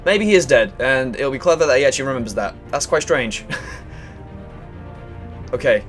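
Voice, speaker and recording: A young man chatting excitably and swearing casually while playing through a video game. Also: mid-range voice, normal speed, soft background music. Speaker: gaming video host. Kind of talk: let's play commentary.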